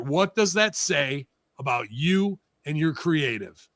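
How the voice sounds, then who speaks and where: A man with a gravelly, slightly higher voice rants on a talk show. He is sarcastic and profane, and the close mic sounds dry. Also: animated, slow, fairly bright tone, no room sound. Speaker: podcast host. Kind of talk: heated casual wrestling talk.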